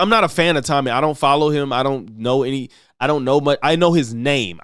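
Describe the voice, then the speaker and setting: A man's voice: mid-range voice, clean tone, no room sound, clean studio sound. A man streaming blunt, profane reaction commentary on video clips, mocking the people in them.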